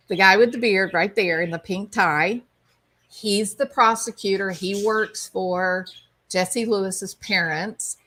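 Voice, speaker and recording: A woman's voice: medium pitch, slow pace, fairly bright tone. A woman hosting a casual video commentary, chatty and amused as she explains a clip. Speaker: commentary show host.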